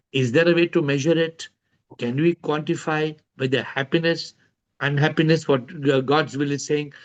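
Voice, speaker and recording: A man hosting an online group discussion, telling stories and acting out characters. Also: on the high side. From India. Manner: animated storytelling, acting out characters. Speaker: host. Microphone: video call. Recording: muffled video call audio.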